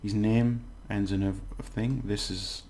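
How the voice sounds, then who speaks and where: A man giving a casual language lesson, explaining slowly and repeating words, with many fillers. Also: on the low side, level tone, mellow, a little hiss or hum. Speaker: language teacher.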